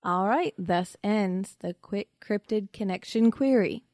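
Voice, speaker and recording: A woman's voice: mid-range voice, unhurried, a little mellow, no echo, studio quality. A woman hosting a podcast, playfully quizzing a guest and spelling out names letter by letter. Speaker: podcast host. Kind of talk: quiz game in casual podcast chat.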